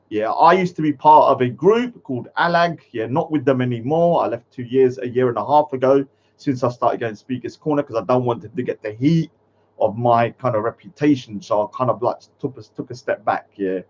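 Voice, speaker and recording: A man's voice: mid-range voice, lively intonation, moderate pace. A man, hosting a casual livestream, talking bluntly and scolding his chat. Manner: blunt, swears at chat, mock-taunting. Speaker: livestream host. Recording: dull lo-fi stream audio.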